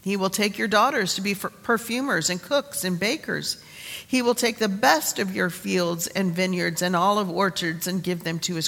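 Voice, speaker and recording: A woman pastor introducing and reading an Old Testament lesson in a relaxed, conversational sermon, with fillers and restarts. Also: medium pitch, creaky. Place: church sanctuary. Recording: long reverb of a church sanctuary.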